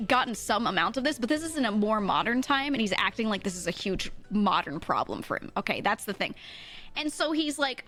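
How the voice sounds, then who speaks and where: A woman's voice: mid-range voice, very animated, brisk, a bit bright, faint music behind. A woman streamer telling a rambling story in casual chat, swearing freely, often laughing and correcting herself.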